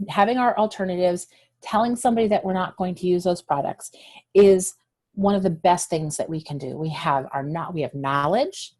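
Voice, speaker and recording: A woman's voice: mid-range voice, darkish tone. A woman health educator giving a friendly, encouraging lesson straight to young viewers. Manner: encouraging, direct address to kids.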